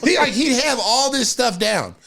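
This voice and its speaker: A man's voice: very high voice, lively intonation, moderate pace, creaky, a loud crowd. A middle-aged man hosting a podcast, telling stories with lots of laughter and acted-out quotes. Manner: laughing storyteller, acts out quotes. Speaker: podcast host. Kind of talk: animated storytelling chat.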